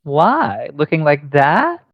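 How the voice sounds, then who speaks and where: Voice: mid-range voice, wildly swooping pitch, slow pace, no echo. A playful, teasing player at a game table. The recording is dry and a little dull, with no room sound. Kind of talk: in-character tabletop role-play.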